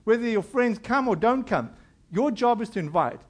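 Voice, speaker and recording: A man's voice: very high voice, animated, normal speed. A middle-aged male pastor preaching a conversational sermon, acting out quoted voices as he goes.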